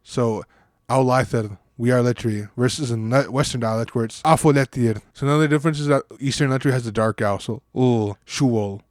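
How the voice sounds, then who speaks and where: A man's voice: medium pitch, fairly even intonation, a little fast, dry recording, studio quality. A man casually explaining and comparing word pronunciations, now and then stopping to rethink as he talks. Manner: casual, thinking aloud with restarts. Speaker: language hobbyist presenter.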